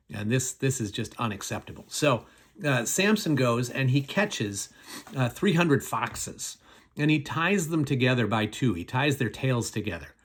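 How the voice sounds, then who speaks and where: A man's voice: medium pitch, vocal fry, fairly bright tone, breathy edge. A middle-aged man, a pastor, casually retelling a Bible story in a chatty, folksy way with many fillers.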